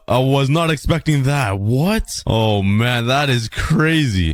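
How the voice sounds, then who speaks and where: A young man giving excitable running commentary while playing a video game, often jumping to high yelps. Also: normal speed, few pauses, no echo. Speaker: gaming video host.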